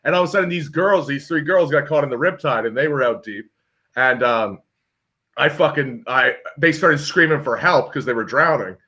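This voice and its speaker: A man's voice: medium pitch, normal speed. A young man telling a story in casual chat on a video call, acting out the voices of the people in it. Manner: animated storyteller, acts out voices.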